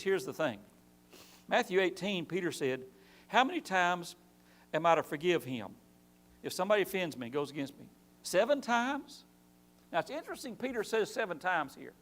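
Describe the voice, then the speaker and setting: Lively high-voiced man teaching Bible class. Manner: animated preaching with rhetorical questions and acted-out quotes. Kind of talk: church Bible class lesson. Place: church.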